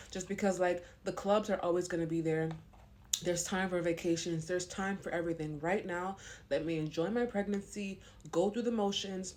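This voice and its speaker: Blunt, chatty woman vlogger. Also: lowish voice. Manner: blunt and frank; long-winded and talkative. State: pregnant. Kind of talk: casual talk to camera.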